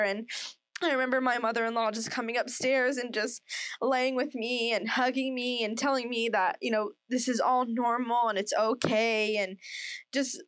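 A woman's voice: fairly high pitch, fairly even intonation, normal speed, a bit bright, clean tone, no room sound. A woman co-hosting a casual podcast, rambling with many fillers and laughing often as she gets emotional. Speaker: podcast co-host. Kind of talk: casual chat.

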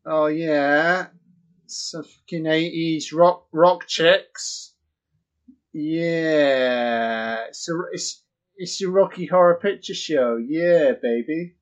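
A man giving crude, excitable, mocking live commentary on a horror film. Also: a little high, very slow. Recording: dull lo-fi audio.

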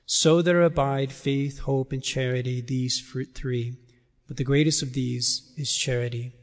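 Priest preaching in a reverberant church. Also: male voice, mid-range voice, steady tone. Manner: measured, emphatic preaching with deliberate pauses. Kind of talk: liturgical reading and sermon.

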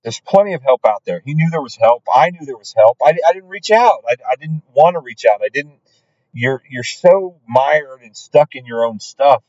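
A man speaking at a middle pitch, telling his own story as a podcast host. He sounds earnest and halting, and often restarts his sentences. The audio is dry and a little dull. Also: lively intonation, a little mellow, no echo.

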